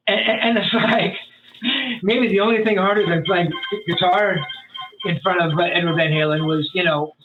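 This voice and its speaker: A man telling stories as a podcast guest in a rambling, animated way, full of fillers and restarts. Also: sits high, a little fast, a little hiss or hum. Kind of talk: storytelling in a casual interview. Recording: tinny phone-like line.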